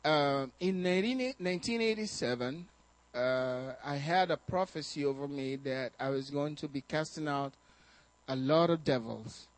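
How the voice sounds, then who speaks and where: A man telling a testimony in a sermon, animated and often laughing and shouting. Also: fairly high pitch, normal speed, dry recording. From Nigeria. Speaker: preacher.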